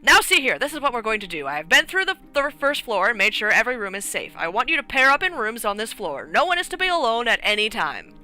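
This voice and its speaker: A woman's voice: fairly high pitch, sing-song, fast talker, hardly any pauses, bright, forceful tone, faint music behind, voice pushed up. A woman playing a stern police inspector. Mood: commanding. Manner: clipped, commanding.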